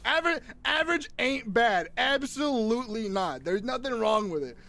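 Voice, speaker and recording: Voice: mid-range voice, animated, normal speed, creaky, a bit bright. A streamer chatting casually on a live stream, rambling, swearing freely and laughing often.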